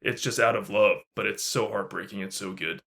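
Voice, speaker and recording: A man's voice: lowish voice, fairly even intonation, fairly quick, vocal fry, sharp tone. A man co-hosting a podcast, talking about a film scene in a casual, emphatic way and cursing now and then. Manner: emphatic, swears, gushing. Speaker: podcast co-host. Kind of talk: casual film review chat.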